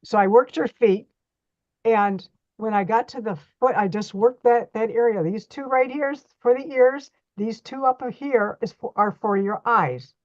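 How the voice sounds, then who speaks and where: A woman's voice: a little high, a little slow, a little mellow, no echo, muffled recording. A middle-aged woman teaching a hands-on reflexology workshop, chatty and folksy as she demonstrates on a model foot.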